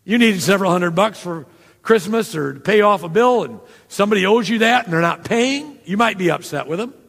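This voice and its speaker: A man with a high, gravelly voice preaches a sermon in a chatty way, dropping asides to his listeners. His voice rings with a long reverb, as if in a church sanctuary. He acts out quoted lines as he goes. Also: animated, a little fast, fairly bright tone. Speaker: pastor.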